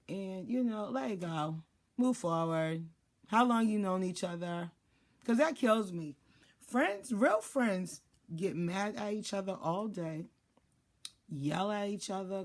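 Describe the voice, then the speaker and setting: Woman talking straight, blunt and cussing, life advice rant, mid pitch. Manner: blunt, profane, acts out quoted people. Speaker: life and spiritual advisor. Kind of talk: casual advice monologue.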